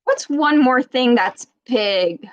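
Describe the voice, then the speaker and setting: Reading a picture book aloud to young children, a speech therapist keeps pausing to quiz them in a patient, teacherly way. She speaks slowly in a high, expressive voice, with no echo and the highs cut off.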